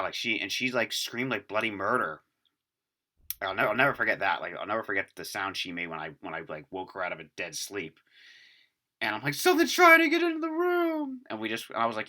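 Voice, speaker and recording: A man casually telling a rambling, profane story to friends in a group chat. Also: low voice. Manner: rambling, profane, animated retelling.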